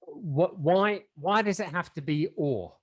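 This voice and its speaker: A man's voice: high voice, lively intonation, slow pace, a bit bright, breathy edge, dull audio. A man from England co-hosting a podcast in casual chat, rambling and jokey, often poking fun at himself. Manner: rambling, self-mocking, jokey. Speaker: podcast co-host.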